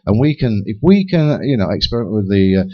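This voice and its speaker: A man's voice: on the low side, fast talker. A man speculating at length on a community radio talk show, talking in restless bursts with many restarts. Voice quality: lively, theorizing, many restarts. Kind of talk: rambling speculative radio chat. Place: radio studio. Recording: lo-fi radio broadcast.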